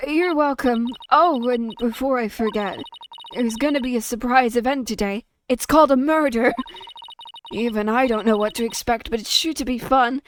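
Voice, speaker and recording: A woman's voice: on the high side, moderate pace, slight background noise, close to an everyday voice. A woman voicing a chipper, bubbly young woman in a game.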